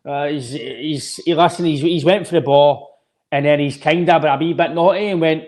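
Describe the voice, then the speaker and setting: A Scottish man with a voice pitched a bit above the usual for a man, co-hosting a casual football podcast. He talks emphatically, repeats and restarts his phrases, and keeps throwing in "mate". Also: normal speed, darkish tone. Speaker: podcast co-host.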